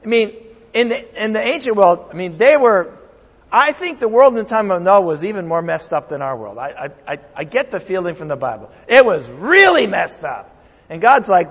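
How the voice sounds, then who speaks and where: A man's voice: high voice, animated, normal speed, big-room sound, dull audio. A middle-aged man, a pastor, preaching a sermon in an earnest, conversational way with emphatic repetition.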